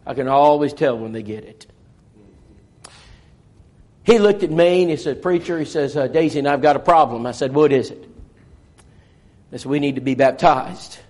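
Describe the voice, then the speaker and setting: Male preacher, high-pitched, folksy storytelling sermon. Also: normal speed, long pauses, a little mellow. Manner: acts out dialogue from a story, earnest and folksy.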